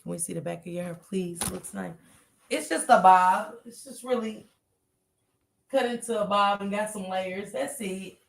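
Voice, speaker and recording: A woman's voice: medium pitch, normal speed, gravelly. A woman hosting a casual livestream, chatting and greeting viewers by name in a slangy, chatty manner. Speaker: livestream host.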